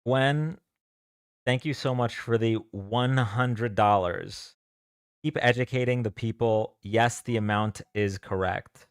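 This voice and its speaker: A man's voice: medium pitch, slow, clear, resonant tone, dry recording. A young man hosts a casual livestream and chats easily with his viewers, thanking each donor by name. His voice sits in a middling register. The sound is dry and close, recorded on a desk mic with no room around it. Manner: chatty, thanks donors, reads chat aloud. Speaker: livestream debate host.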